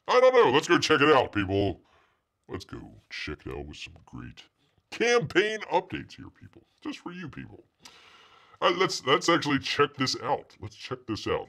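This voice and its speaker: A man's voice: mid-range voice, wildly swooping pitch, normal speed, gravelly, bright, forceful tone. A middle-aged man hosting a live comics news stream, chatting casually and sarcastically in a rambling way. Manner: sarcastic, rambling, refers to himself as Bear. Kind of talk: casual livestream chat.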